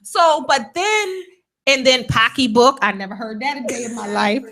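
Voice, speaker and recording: A woman with a New Jersey accent, hosting a casual radio talk show as an animated storyteller who laughs often. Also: high-pitched, normal speed. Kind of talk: casual chat.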